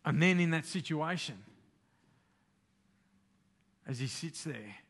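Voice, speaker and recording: A man's voice: on the high side, lively intonation, slow pace, fairly bright tone, breathy edge. A man giving a sermon, retelling a story in plain, conversational language with everyday slang. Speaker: preacher.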